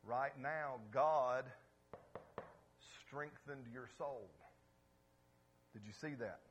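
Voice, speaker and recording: A man's voice: mid-range voice, slow, a bit bright, dull audio, slight background noise. A man preaching a sermon as pastor, emphatic and often checking in with his listeners. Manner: emphatic, asks the congregation questions.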